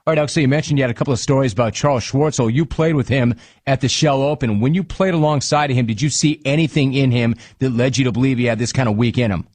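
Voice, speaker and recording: A man hosting a radio interview, asking brisk, friendly questions. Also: mid-range voice, a little mellow, dry recording. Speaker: radio host.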